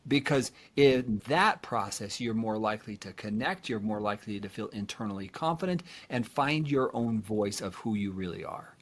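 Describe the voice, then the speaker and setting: A man's voice: on the low side, moderate pace, hardly any pauses. A man who is a therapist hosting a podcast, talking earnestly and explaining with rhetorical questions. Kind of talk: conversational podcast discussion.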